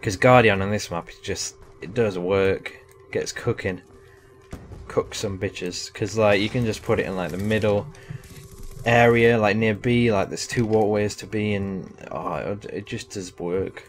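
Low-voiced young man rambling over gameplay. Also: steady tone, measured pace, faint music behind. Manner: casual, rambling, self-deprecating with laughs. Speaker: gaming commentator. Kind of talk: live gameplay commentary.

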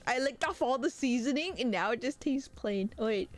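A woman streaming live who chats casually with her viewers, animated and prone to high squealing outbursts and laughter. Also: moderate pace, faint music behind.

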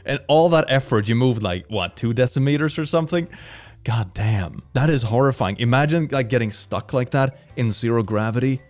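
A man giving casual, animated commentary on video clips, laughing often and breaking into quick exclamations. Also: mid-range voice, faint music behind. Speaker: reaction video host.

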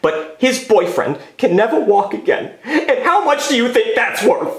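A man voicing a rambling, excitable male lawyer who stammers and repeats himself. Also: very high voice, normal speed. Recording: roomy echo.

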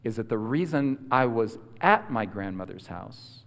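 Animated preacher man in a reverberant hall. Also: on the low side, measured pace, creaky. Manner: animated storyteller, swinging from loud to hushed. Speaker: guest preacher. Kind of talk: storytelling sermon. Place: large hall at a school prayer week.

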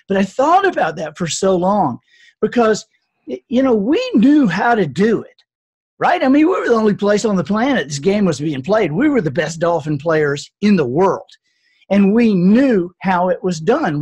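A man's voice: sits high, darkish tone, slightly rough. A man in his sixties, an author and speaker, telling an earnest, reflective story in a podcast interview.

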